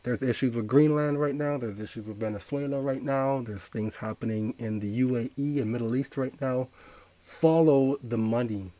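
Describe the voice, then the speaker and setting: A man hosting a crypto talk show, explaining in a steady, methodical way and walking through long lists. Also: medium pitch, normal speed, no echo. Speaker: crypto channel host.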